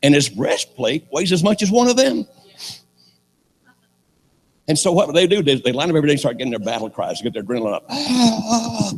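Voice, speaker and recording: An older man preaches a sermon in an animated, storytelling way, with sarcastic humor. His voice is gravelly and husky, and his pitch swings widely. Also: quick pace, pauses often.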